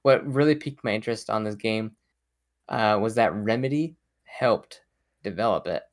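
Gravelly gamer telling a story. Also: male voice, on the low side, normal speed. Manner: animated storytelling. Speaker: podcast co-host. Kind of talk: casual chat.

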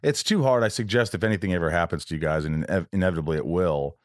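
Man, deep voice, casual rambling chat, emotional, dry recording. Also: no echo. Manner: emotional, rambling, does quick voices of friends. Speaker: podcast host.

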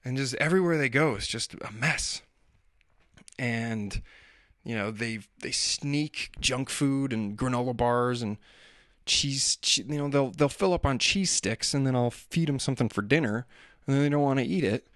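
A man's voice: mid-range voice, normal speed, fairly bright tone, no echo, clean studio sound. A man telling rambling, self-deprecating stories about family life in a casual monologue. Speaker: father talking about daily life.

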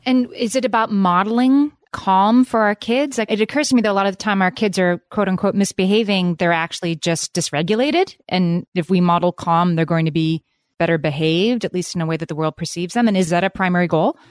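A woman's voice: lowish voice, fairly quick, no room sound, studio quality. A woman hosting a podcast, asking curious, conversational questions. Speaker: podcast host, interviewer. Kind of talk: podcast interview.

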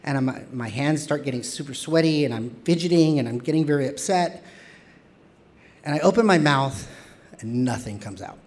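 A man telling a personal story on stage, expressive and playful with self-mocking humor. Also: a little high, moderate pace.

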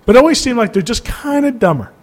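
A man's voice: extremely high pitch, very animated, quick pace. A man co-hosting a casual podcast, trading blunt, crude, mocking jokes. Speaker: podcast co-host.

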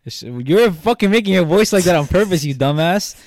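A man's voice: high-pitched, expressive, brisk, darkish tone, dry recording, clean studio sound. Brash young man saying bro a lot. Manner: brash, slangy, swearing, says bro a lot. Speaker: podcast co-host. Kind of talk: casual chat.

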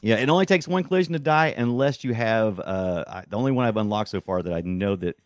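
A man's voice: on the low side, quick pace, dry recording, studio quality. Rambling man in casual game chat. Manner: rambling, restarts often, excitable. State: sick, congested. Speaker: podcast co-host. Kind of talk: casual chat about games.

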